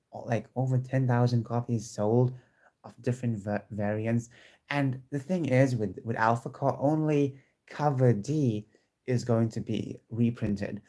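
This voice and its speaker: Casual home vlogger, male, mid pitch, eager and rambling, restarts his sentences a lot. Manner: chatty and excitable, with many restarts. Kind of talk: casual chat to camera. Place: home room with squeaky chairs.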